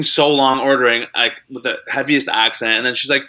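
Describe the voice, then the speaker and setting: A young man, an animated storyteller chatting over a video call and saying "like" a lot. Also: medium pitch, fast, hardly any pauses. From Canada (Toronto). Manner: animated storyteller, heavy use of "like". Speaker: comedian guest. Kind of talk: casual interview chat.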